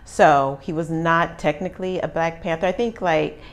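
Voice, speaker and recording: Animated woman telling stories. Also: sits low, normal speed. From Oakland, California. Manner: animated, acts out quoted dialogue, laughs often. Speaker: interview guest. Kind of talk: casual storytelling interview.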